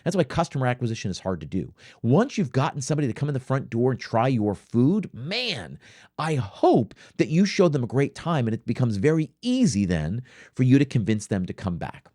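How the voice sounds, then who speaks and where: Host, male, coaching to camera; emphatic, lively delivery, dry recording. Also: mid-range voice, fairly quick, dry recording. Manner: emphatic, rhetorical "right?" tags. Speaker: restaurant consultant, show host.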